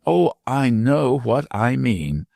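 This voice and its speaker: A man voicing a tiny, shrewd and mischievous old woman dwarf with a shrill, teasing manner in a storybook reading. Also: sing-song, slow pace, creaky, no echo, clean studio sound, exaggerated voice. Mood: sly, scolding. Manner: sharp, teasing, whimsical.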